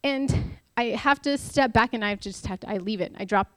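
A woman's voice: medium pitch, fairly quick, no room sound. Woman chatting thru a bible talk, self-deprecating, dry close sound, mid voice. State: married. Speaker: Bible study speaker. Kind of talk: casual devotional talk.

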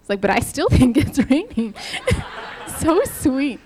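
A woman preaching to a church in a lively, laughing, conversational sermon style. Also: sits high, a little slow, slight background noise. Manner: animated, laughing while retelling, addresses the church directly.

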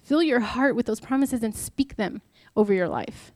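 A woman's voice: fairly high pitch, animated, normal speed, mellow, no room sound. A young adult woman giving an informal devotional talk, chatty and candid, mixing personal stories with rhetorical questions. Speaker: speaker at a church talk.

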